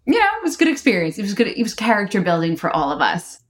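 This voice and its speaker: A middle-aged woman guest on a casual podcast interview, telling lively stories and acting out quotes. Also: mid-range voice, rapid-fire. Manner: animated storyteller, laughs often, acts out quotes. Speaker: marketing executive guest.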